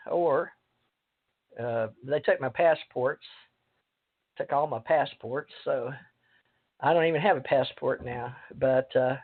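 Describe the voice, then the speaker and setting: A woman hosting a talk radio show, rambling and halting with many fillers. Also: a bass voice. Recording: tinny phone line.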